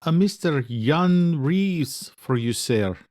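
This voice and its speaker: A man voicing a worried female assistant who announces a caller, speaking slowly and carefully. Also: on the high side, expressive, a little mellow, pitched above the performer's own voice. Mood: anxious.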